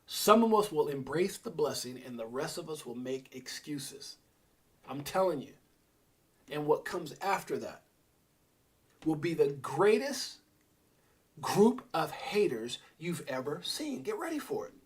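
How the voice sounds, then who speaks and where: Middle-aged male livestream host, husky and higher-pitched, preachy and fired up, shouts out his chat. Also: very animated, measured pace. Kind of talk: energetic motivational livestream rant.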